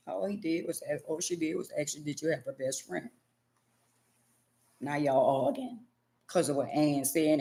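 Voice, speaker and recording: A woman doing a comedic monologue in slang, acting out an argument between partners in loud and quiet turns. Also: deep voice, normal speed, long pauses. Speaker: comedic vlogger.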